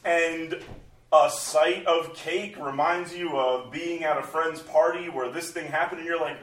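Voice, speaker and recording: Pastor, male, 40s, animated talker, recorded from a distance in a roomy space. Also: on the high side, normal speed. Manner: animated, acts out inner voices in quotes. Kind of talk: conversational church talk. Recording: roomy sound from a distant mic.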